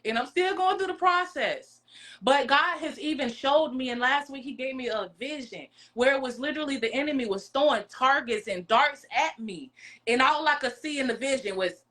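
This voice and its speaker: A woman's voice: high voice, animated, moderate pace, fairly bright tone. A woman sharing a personal faith testimony on a podcast, speaking earnestly and calling listeners "baby".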